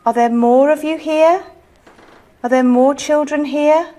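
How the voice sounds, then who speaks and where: Woman, high-pitched, gently coaxing séance leader. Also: unhurried. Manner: soft, coaxing, pleading questions. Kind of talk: ghost-hunt séance questioning.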